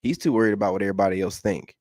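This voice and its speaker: A man's voice: lowish voice, racing, a little mellow, no echo, studio quality. A man hosting a casual reaction commentary, blunt and lecturing, repeating himself for emphasis. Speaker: commentary host.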